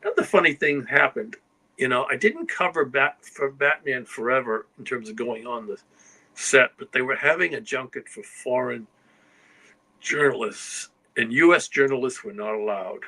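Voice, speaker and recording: A man's voice: mid-range voice, moderate pace, bright, forceful tone, poor audio. An older man, a guest writer, telling anecdotes in a rambling conversational way, often checking in with "you know" and "okay?". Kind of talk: casual anecdotal storytelling.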